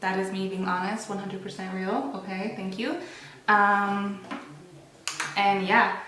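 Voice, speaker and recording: A woman's voice: mid-range voice, flat delivery, unhurried. Young woman, candid rambling vlog chat, roomy echo, faint hiss. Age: young adult. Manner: chatty, candid, rambling with many restarts and fillers. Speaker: beauty vlogger. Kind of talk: casual get-ready-with-me chat. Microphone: built-in camera mic.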